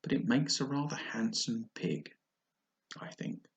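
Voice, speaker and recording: A man voicing a curious, polite young girl in a storybook reading, his voice pitched up for her. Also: steady tone, measured pace, lightly acted.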